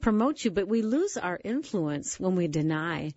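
Husky low-voiced woman host. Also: big pitch swings, moderate pace, a little mellow, dry recording, lo-fi sound. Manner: encouraging, affirming interjections. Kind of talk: Christian talk show hosting.

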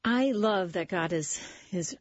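Husky-voiced woman radio host. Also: mid-range voice, animated. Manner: friendly, brisk promo reading. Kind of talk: radio interview. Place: radio studio. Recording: slightly dull, dry radio studio sound.

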